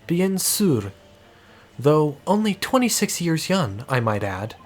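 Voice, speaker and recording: A man's voice: on the high side, very animated, takes it slowly, voice pushed up, exaggerated voice. A man voicing a young, mysterious woman who runs a waxwork museum, with a shaky put-on French accent and a formal, stern manner.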